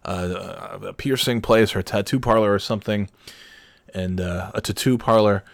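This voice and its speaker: A man's voice: steady tone, moderate pace, gravelly, no room sound. A man hosting a podcast, telling a rambling, self-deprecating story in casual chat. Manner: rambling, self-deprecating, acts out quotes in high yelling voices. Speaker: podcast host.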